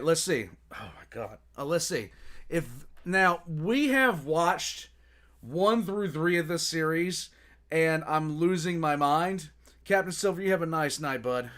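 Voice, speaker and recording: An excitable man hosts a reaction livestream, talking with his viewers and breaking into exclamations. His voice sits a little high, bright and sharp. It bounces all over the place.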